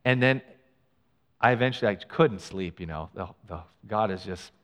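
A middle-aged male pastor telling a personal story in a sermon, animated and acting out what people said. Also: on the low side, normal speed. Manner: animated storyteller, acts out quoted lines. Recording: long hall reverb.

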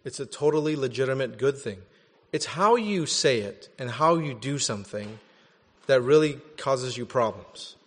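A man preaching a sermon in an animated, conversational way, often checking in with "right?". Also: medium pitch, normal speed, big-room sound. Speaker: pastor.

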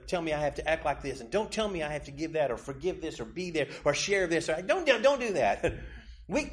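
Pastor, male, American, slightly high voice, preaching with big swings from hush to shout. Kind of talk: sermon. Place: church sanctuary.

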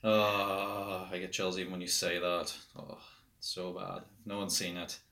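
A young Irish man with a very low, gravelly voice joins a podcast as a guest. He talks bluntly and rants with scorn when something annoys him. His speech is loose, full of restarts. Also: a little slow. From Ireland. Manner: blunt, scathing, animated rants. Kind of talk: casual chat.

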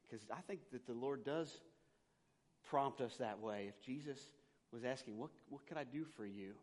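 A man, a pastor, preaching a conversational sermon that swings between loud emphasis and quiet, intimate asides. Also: mid-range voice. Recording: long hall reverb.

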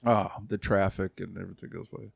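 A man around sixty, a youth pastor, tells a long story in a relaxed podcast chat, acting out quoted voices and laughing often. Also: deep voice, brisk, gravelly, dry recording. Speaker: youth pastor and church elder.

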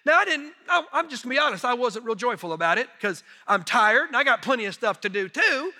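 A middle-aged man preaching as a missionary, telling folksy, self-deprecating stories in an animated way. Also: very high-pitched, quick pace. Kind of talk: sermon storytelling. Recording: long reverb of a large hall.

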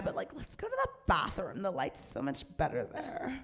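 A woman in her thirties telling a loud, profane story in casual chat, acting out the quotes with a rising voice. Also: fairly low pitch, huge pitch swings, normal speed.

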